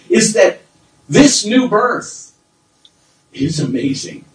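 Middle-aged male pastor, high-pitched, fervent preaching style, echoey hall, distant mic. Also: animated, measured pace. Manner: fervent preaching, swinging from low asides to loud high exclamations. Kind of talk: sermon. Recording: roomy sound from far off.

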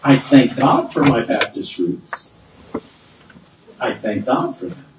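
A middle-aged man preaching a sermon, swinging between low asides and loud, high exclamations. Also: a little hiss or hum. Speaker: pastor. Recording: roomy sound from far off.

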